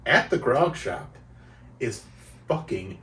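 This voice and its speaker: A man's voice: mid-range voice, very animated, sharp tone, a little hiss or hum. A man co-hosting a comedy podcast, joking and teasing his friends in casual chat. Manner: joking, teasing, quick bursts of laughter. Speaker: podcast co-host. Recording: roomy sound, mic at a distance.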